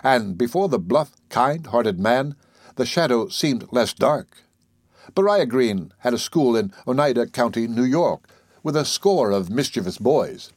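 A man's voice: mid-range voice, lively intonation, normal speed, no echo. Man reading literary prose, dry sound. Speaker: audiobook reader. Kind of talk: scripted narration of literary prose.

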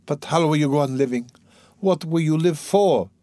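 A man's voice: medium pitch, normal speed, no echo, lightly acted. A man reading aloud, voicing a devout young woman who pleads with tearful urgency. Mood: anguished. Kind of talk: audiobook reading.

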